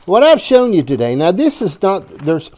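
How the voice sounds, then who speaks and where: A man with a fairly high, mellow voice hosts a casual home cooking vlog. He rambles in a folksy way and drops chuckling asides. His delivery swings widely in pitch. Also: sing-song, normal speed, slight background noise. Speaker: home cooking show host.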